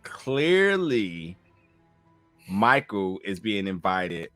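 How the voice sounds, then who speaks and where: A man's voice: fairly low pitch, very slow, dry recording, faint music behind. A man with a Southern US accent recapping a TV episode in casual chat, acting out lines and padding with fillers. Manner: animated, acts out quotes, frequent fillers. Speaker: podcast co-host reviewing a TV episode.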